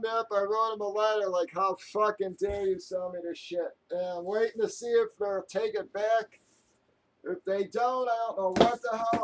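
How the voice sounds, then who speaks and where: A man with a high voice vents on his live stream, talking straight to his viewers. He is angry, swears freely, and rambles, breaking off and restarting his sentences. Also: poor audio. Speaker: live stream host breaking sports card boxes.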